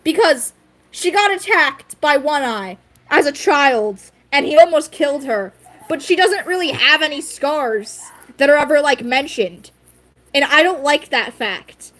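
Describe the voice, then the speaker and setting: A woman's voice: high-pitched, expressive, a little slow, a bit bright. A woman streamer chatting casually with her viewers, giggly and rambling, with frequent fillers. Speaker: livestream host. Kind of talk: casual livestream chat.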